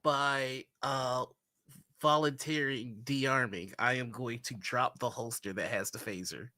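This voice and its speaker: A man playing in a tabletop role-playing game, stating his actions calmly and matter-of-factly. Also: mid-range voice, a little slow. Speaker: player.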